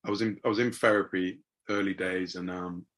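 A husky middle-aged man hosts a podcast conversation. He tells his story in an animated way, slipping into different voices as he goes. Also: sits low, brisk. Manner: animated, acts out voices in anecdotes. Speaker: podcast host.

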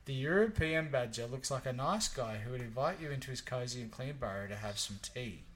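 An Australian man in his late forties co-hosting a podcast, chatting casually in a rambling, jokey, animated way. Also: mid-range voice, brisk, slight background noise, rough recording. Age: late 40s. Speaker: podcast co-host. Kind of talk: casual chat.

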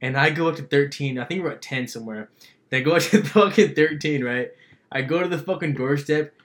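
A man's voice: a little high, a little fast, a bit bright. A young man telling a profane story on a casual podcast, laughing as he goes. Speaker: podcast co-host.

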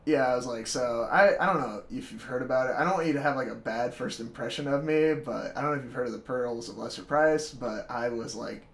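A man's voice: medium pitch, brisk, hardly any pauses. A young man in his twenties telling a story in casual chat, laughing often, swearing and acting out quotes.

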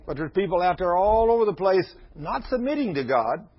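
A man's voice: high voice, very animated, a little fast, slightly rough. A man in his sixties preaching to a congregation, folksy and emphatic, slipping into fervent prayer. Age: 60s. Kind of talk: sermon. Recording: dull lo-fi recording.

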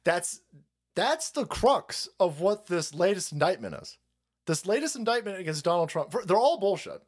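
A man ranting on a live stream, swearing freely and hammering his points again and again. His voice sits a little high for a man and swings widely in pitch. He mocks and jeers as he goes. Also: big pitch swings, moderate pace, breathy edge. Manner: heated, repetitive, mocking. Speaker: stream host. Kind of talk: profane political rant.

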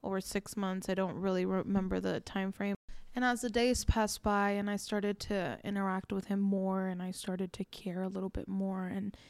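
Her voice is medium-pitched, gravelly, and slightly mellow, captured in a dry recording. She's a podcast host in her twenties reflecting earnestly on a personal story, with frequent fillers like "like" and "you know."

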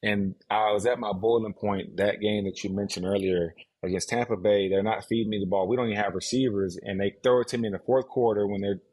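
Male guest, 30s, husky, lively raconteur who acts out what others said. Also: fairly low pitch, quick pace, few pauses. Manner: animated, mimics others' voices in his stories. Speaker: podcast guest, retired football player. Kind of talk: casual storytelling.

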